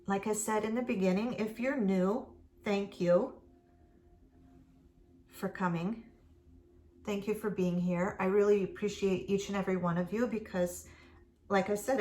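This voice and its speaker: Slow, rambling middle-aged woman vlogger. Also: mid-range voice, a little hiss or hum. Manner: rambling, chatty, full of fillers. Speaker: beauty vlogger. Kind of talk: casual makeup chat. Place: at home.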